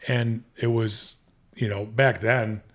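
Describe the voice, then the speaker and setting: A man's voice: on the low side, little pitch movement, slow. A man in his fifties, a podcast guest, telling long casual stories with many restarts and fillers. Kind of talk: casual storytelling.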